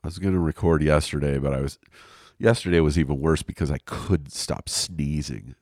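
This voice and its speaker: A man's voice: a bass voice, moderate pace, a little mellow, no room sound, studio quality. A man hosting a casual solo podcast, stuffy from a cold, rambling and swearing as he talks from his couch. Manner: rambling, profane, self-deprecating. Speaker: podcast host. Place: lying on his couch at home.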